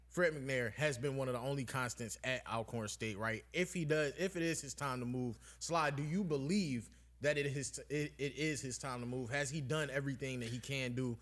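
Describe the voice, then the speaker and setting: A man co-hosting a sports stream, excitable and chatty, making asides to viewers in the comments. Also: medium pitch. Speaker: football commentator. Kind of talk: casual sports chat.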